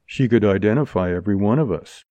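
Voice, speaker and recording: A man voicing a calm, menacing bandit leader who speaks softly and coldly. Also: on the low side, fast, no echo, lightly acted. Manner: calm, soft, cold. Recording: dull lo-fi audiobook recording.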